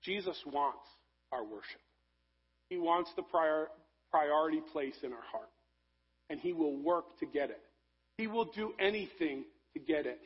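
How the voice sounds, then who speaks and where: A man preaching a sermon, rising to loud emphasis and dropping to soft, low passages. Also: expressive, unhurried, long pauses, slightly rough, highs cut off. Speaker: pastor.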